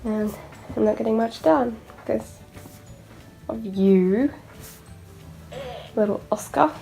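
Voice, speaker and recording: A woman's voice: a little high, takes it slowly, creaky, warm tone, faint music behind. A woman vlogger giving casual running commentary at home, chatting to her baby dolls and laughing often. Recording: noisy home video recording.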